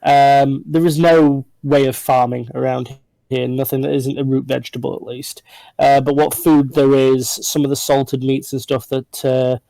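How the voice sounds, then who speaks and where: A man narrating a tabletop game as game master, describing scenes in an unhurried way with frequent fillers. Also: medium pitch, little pitch movement, vocal fry, warm tone, no room sound, low-quality recording.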